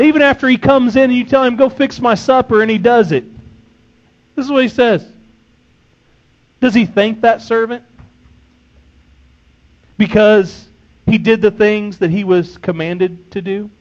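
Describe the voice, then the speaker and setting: A man's voice: very high-pitched, measured pace, pauses often, lo-fi sound. A man preaching a sermon, emphatic, reading scripture and acting out a servant's complaints.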